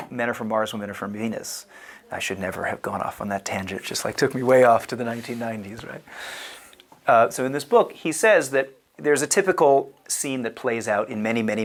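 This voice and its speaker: A man in his thirties, a rabbi giving a casual lecture, chatty and digressive with lots of "you know" and "like". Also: medium pitch. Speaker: rabbi teaching a class.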